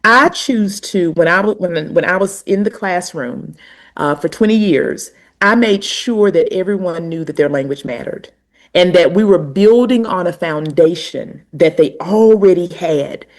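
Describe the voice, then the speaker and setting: Middle-aged Southern US woman, lowish voice, measured and emphatic podcast guest. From Southern United States, North Carolina. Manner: reflective, explanatory, emphatic. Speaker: guest, language educator. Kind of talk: conversational interview.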